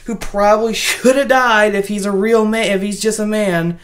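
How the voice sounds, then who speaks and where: A woman giving a casual spoken movie review, rambling and animated, with many restarts. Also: medium pitch, moderate pace, hardly any pauses.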